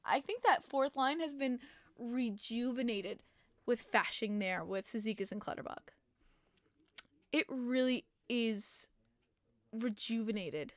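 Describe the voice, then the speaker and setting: A young woman talks hockey on her stream, opinionated and chatty as she answers chat. Her voice sits fairly high and sounds a bit tired. The sound is close and dry, with no room echo. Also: slow, pauses often. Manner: chatty, opinionated fan reading chat comments. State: tired, yawning. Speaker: podcast host. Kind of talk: casual live-stream chat about hockey.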